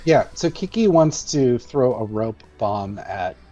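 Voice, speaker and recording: A man's voice: medium pitch, animated, slow pace, dark tone, highs cut off, faint music behind. A man speaking casually as a player at a tabletop game, rambling and swearing.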